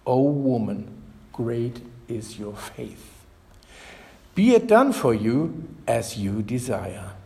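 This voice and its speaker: A man voicing a solemn adult male teacher who speaks in a measured way. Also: mid-range voice, big pitch swings, creaky, warm tone, voice pushed down, heavily acted. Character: stern grown male teacher rebuffing a stranger. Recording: echoey hall reverb.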